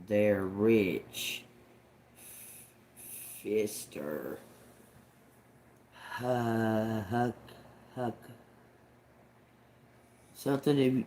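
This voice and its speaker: A man doing a tarot reading, slowly sounding out words and phrases and repeating them as he tries to make sense of the messages. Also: medium pitch, darkish tone. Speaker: tarot reader. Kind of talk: slow channeled reading.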